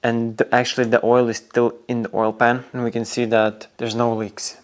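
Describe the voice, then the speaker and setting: A man's voice: mid-range voice, completely flat delivery, normal speed. A man hosting a car restoration video, explaining each step casually while he works in a garage workshop. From Norway.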